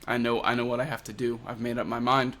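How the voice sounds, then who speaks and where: A man voicing a brooding young male fighter who speaks low, hushed and earnest. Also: level tone, fast, close to an everyday voice. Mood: grave.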